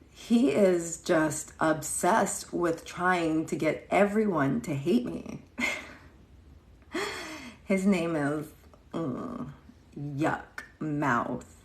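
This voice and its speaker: A woman in her thirties chats on a livestream, telling a story and greeting viewers by name along the way. Her voice is low and gravelly and she talks slowly. The room around her is echoey. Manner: chatty, greets viewers mid-story, acts out quotes. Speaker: livestream host.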